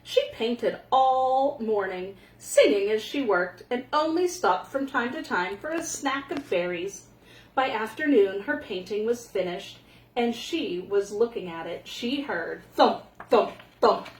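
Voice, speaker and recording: A woman reading a children's picture book aloud in a gentle, expressive way. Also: fairly high pitch, unhurried. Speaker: storyteller. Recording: echoey room.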